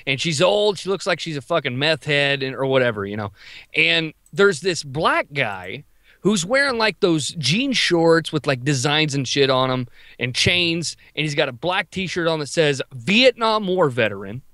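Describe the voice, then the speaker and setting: A man co-hosting a podcast, telling a wild story in an animated, profane, quick-talking way. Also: fairly high pitch, no echo, clean studio sound. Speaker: podcast co-host. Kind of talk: casual storytelling.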